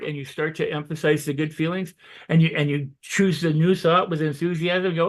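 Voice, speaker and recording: A man with a fairly high voice gives motivational advice as a guest on a health show. He talks loosely, with restarts and "you know", and breaks into quick quoted self-talk that leaps up when he gets excited.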